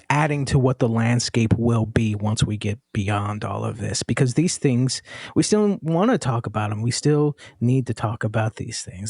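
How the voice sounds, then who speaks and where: A man speaking as a podcast guest, reflective and earnest, with many fillers and pauses. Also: medium pitch, a little mellow, breathy edge, dry recording, studio quality. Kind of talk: casual conversational podcast chat.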